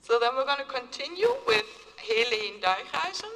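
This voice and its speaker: A woman's voice: sits high, very animated, moderate pace. A woman hosting a graduation ceremony, calling out names in an upbeat announcing manner. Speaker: ceremony host. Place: large ceremony hall. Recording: reverberant hall with noise.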